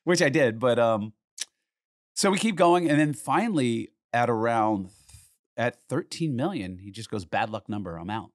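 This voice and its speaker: A man's voice: mid-range voice, normal speed, dry recording, studio quality. Guy telling a wild story, voice jumping all over, cusses a lot, acts out the quotes. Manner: animated, swears freely, acts out quotes. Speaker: art collector telling a story. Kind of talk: casual storytelling in conversation.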